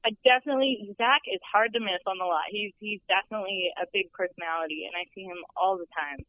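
A woman's voice: mid-range voice, fast talker, bright, forceful tone. A young woman who works as a studio tour guide, chatting in a bubbly, giggly way with lots of fillers. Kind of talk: casual interview chat. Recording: dull lo-fi sound.

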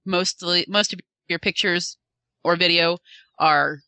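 Woman, lowish pitch, bright forceful tone, lively fan recounting an event, dry sound. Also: a little slow, clear, resonant tone, no room sound. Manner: animated, acts out quotes with shifting voices. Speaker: fan recounting a convention panel. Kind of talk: casual storytelling chat.

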